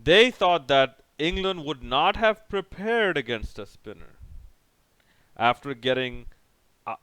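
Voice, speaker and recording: A man's voice: on the high side, very animated, slow, pushed and bright, clean tone, dry recording. A young man casually recapping a cricket match over by over, rambling and sarcastic, with many restarts. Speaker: cricket reviewer.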